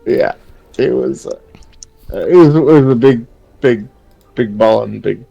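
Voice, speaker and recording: A young man with a gravelly edge to his voice, chatting casually and rambling through a family story. He stacks fillers and restarts and laughs often. The sound is dry and close, with no room around it. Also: mid-range voice, measured pace, dark tone, no room sound, highs cut off, faint music behind. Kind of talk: casual chat on a livestream.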